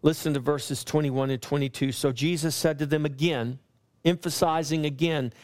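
A man preaching a sermon to his church, his voice sitting a little high for a man. He builds his points through repeated, rising lines. When he quotes scripture, he slows down and leans on each word. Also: lively intonation, a little mellow. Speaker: pastor.

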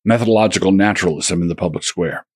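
A man's voice: deep voice, quick pace, slightly rough, no echo. A man reading his own polemical essay aloud as a religious commentator, with a sardonic, combative manner and a run of rhetorical questions.

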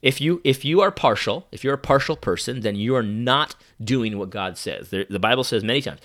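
A young man giving a sarcastic, animated opinion monologue full of restarts. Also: medium pitch, fairly quick. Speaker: commentator.

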